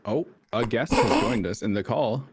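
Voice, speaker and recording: A woman with an extremely low voice chats with friends on a game stream, a faint hiss under her mic. She is relaxed and teasing. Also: normal speed. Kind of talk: casual stream chat.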